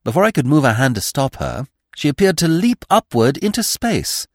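A man narrating a classic story in measured, scripted audiobook style. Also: a little high, big pitch swings, no echo, clean studio sound. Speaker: podcast narrator.

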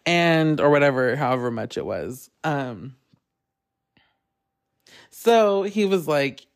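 Podcast host, casual solo storytelling, animated, frequent laughter, freely profane, middle pitch. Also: slow pace, long pauses.

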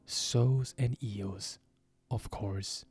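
A man voicing a solemn, impatient griffin creature in a storybook reading, with a deep voice. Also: a little slow, dark tone, soft background music.

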